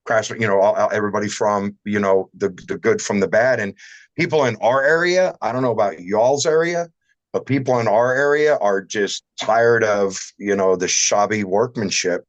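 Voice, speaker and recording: A man with a lowish voice, recorded dry and muffled, runs a shower door shop. On a livestream he chats casually, rambling through anecdotes with some salty language.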